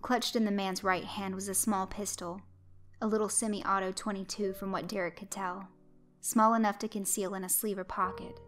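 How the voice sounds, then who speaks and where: A woman reads a horror story aloud in a steady, even storytelling voice. Her pitch sits in the middle range. Faint background music runs under the narration. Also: normal speed.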